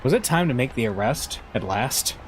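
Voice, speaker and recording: A man's voice: mid-range voice, normal speed, a little hiss or hum. Man reading a visual novel aloud. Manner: expressive reader, casual asides. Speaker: let's play host reading a visual novel. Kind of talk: reading game text aloud with commentary. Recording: voice over game music.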